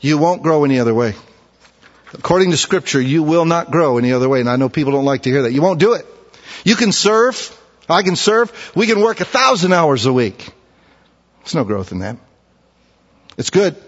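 A man preaching a sermon, telling folksy stories and switching between quiet asides and loud, emphatic points. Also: a little high, sing-song, a little fast, long reverb tail, highs cut off. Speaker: pastor.

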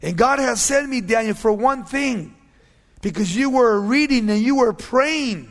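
A gentle male angel speaks a message softly, as a man acts it out. His voice is fairly high and carries a long hall echo. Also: expressive, a little slow, exaggerated voice. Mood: earnest.

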